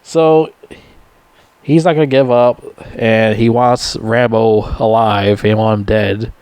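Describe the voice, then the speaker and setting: A man casually retelling a film's plot in a profane, rambling way, often laughing and mimicking characters in squeaky voices. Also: fairly even intonation, takes it slowly, a little mellow, clean tone, no room sound. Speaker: movie reviewer. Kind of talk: casual rambling movie recap.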